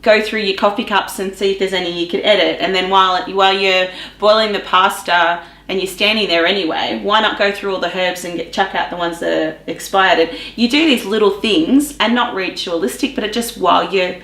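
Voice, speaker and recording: A woman's voice: mid-range voice, fairly even intonation, a little fast, hardly any pauses, fairly bright tone. A woman, a professional organiser chatting as an interview guest and animatedly acting out conversations with her clients. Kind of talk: casual interview chat. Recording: echoey room.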